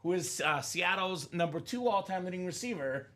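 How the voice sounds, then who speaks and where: A man's voice: sits high, expressive, normal speed, sharp tone. A man hosting a live card break, chatting enthusiastically about football players and hits. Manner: enthusiastic, chatty sports banter. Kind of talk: upbeat live stream commentary.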